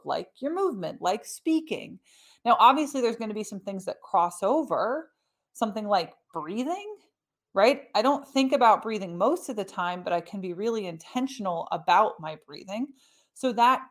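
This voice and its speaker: A middle-aged woman hosting a podcast, explaining ideas in a lively, conversational teaching manner with asides. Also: medium pitch. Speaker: podcast host.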